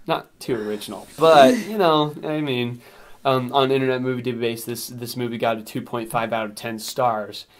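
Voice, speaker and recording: A man's voice: medium pitch, fairly even intonation, normal speed. A man co-hosting a casual podcast, rambling with lots of fillers and frequent laughs. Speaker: podcast co-host reviewing a film. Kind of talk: casual chat.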